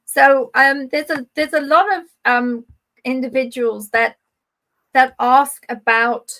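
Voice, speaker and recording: Higher-pitched lady host, rambly hesitant questions over a video call. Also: steady tone, slow, bright, forceful tone, poor audio. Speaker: podcast interviewer. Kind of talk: casual interview questions.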